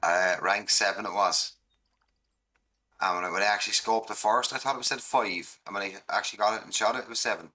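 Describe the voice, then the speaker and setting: A man chatting casually with his dad while they game together, rambling on as he explains things. His voice is very low yet bright and tense, and he talks quickly. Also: fairly even intonation. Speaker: streamer's son, fellow player. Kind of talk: casual chat.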